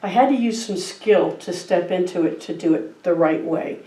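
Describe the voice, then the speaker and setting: A woman's voice: on the low side, normal speed, mellow. A middle-aged woman giving a sermon, telling a personal story in a conversational, easygoing way. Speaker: guest speaker. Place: church sanctuary. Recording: roomy distant church mic.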